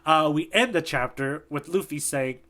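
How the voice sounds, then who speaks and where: Male podcast co-host, relaxed recap style, slightly high, bright tone. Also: moderate pace. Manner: loose recap, many fillers and asides. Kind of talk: casual podcast chat.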